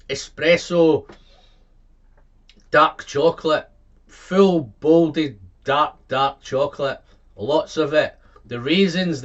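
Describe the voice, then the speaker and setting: Excitable man reviewing whisky. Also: fairly high pitch, lo-fi sound. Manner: excitable, lists tasting notes, repeats words and exclaims. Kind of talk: casual tasting review.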